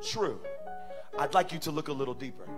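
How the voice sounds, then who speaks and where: Male pastor, high and very expressive voice, preaching in a church, quiet stretches building to shouts. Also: fairly quick, over music. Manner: animated preaching, swings from soft to shouting. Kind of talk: sermon. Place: church sanctuary.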